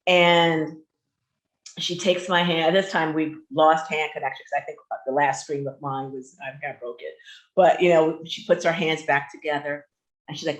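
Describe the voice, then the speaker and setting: A woman hosting a radio talk show, telling a personal story in an animated, candid way. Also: deep voice, normal speed.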